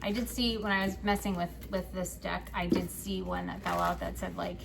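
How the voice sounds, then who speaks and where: A woman's voice: lowish voice, flat delivery, normal speed, creaky, noisy background. A woman giving a casual tarot reading to her viewers, swearing freely and filling her talk with "like" and "right?". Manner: loose and profane, with frequent "like" and "right?". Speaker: tarot card reader.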